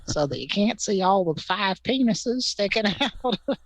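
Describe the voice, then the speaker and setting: A woman playing a naive teacher lady character who talks in a hushed, excited way. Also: mid-range voice, unhurried, slight background noise, close to an everyday voice. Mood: oblivious.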